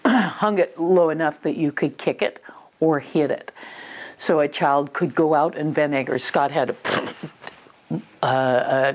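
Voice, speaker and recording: A woman's voice: very deep voice, darkish tone. A woman parenting coach giving firm, matter-of-fact advice on handling children, with some fillers and restarts.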